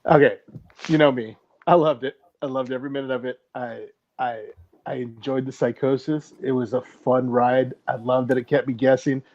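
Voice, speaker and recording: A man's voice: mid-range voice, steady tone, normal speed, a little mellow. A man chatting enthusiastically and joking as a podcast co-host. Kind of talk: casual podcast chat. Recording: dull lo-fi sound.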